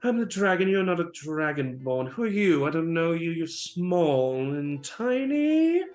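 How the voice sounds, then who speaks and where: A man's voice: on the high side, very animated, a little slow, a little mellow, pitched above the performer's own voice. A man voicing an unhinged male dragonborn noble who rambles in sing-song repetitions and rhymes. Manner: sing-song muttering, repeats words, rhymes. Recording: roomy with faint music.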